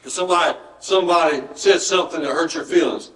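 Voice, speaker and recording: A Southern pastor delivering a folksy, conversational sermon, his voice a bit higher than most men's. He is picked up from some distance in an echoey church room. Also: fairly quick, fairly bright tone. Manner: folksy, conversational preaching with acted-out quotes. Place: church sanctuary.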